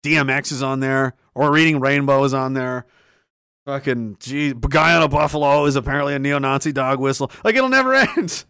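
A man's voice: medium pitch, brisk, vocal fry, bright, forceful tone, clean tone, no echo, clean studio sound. A young man ranting sarcastically and profanely, reading out chat messages as a streamer, often laughing. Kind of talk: ranting commentary.

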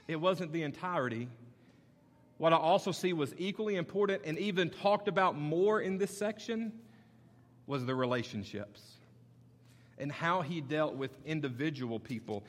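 A man's voice: fairly high pitch, expressive, normal speed, in a large hall. A male pastor preaching a sermon in a conversational, storytelling way that builds to emphatic points. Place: church sanctuary.

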